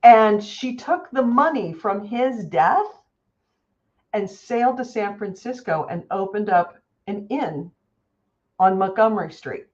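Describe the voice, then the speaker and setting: A woman co-hosting a casual chat show, telling stories in an animated, swearing, easygoing way. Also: medium pitch, slow, muffled recording. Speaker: podcast co-host.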